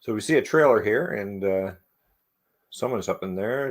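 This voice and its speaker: Laid-back low-voiced man. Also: moderate pace. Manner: laid-back, laughs often. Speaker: comic review host. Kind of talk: casual comic breakdown chat.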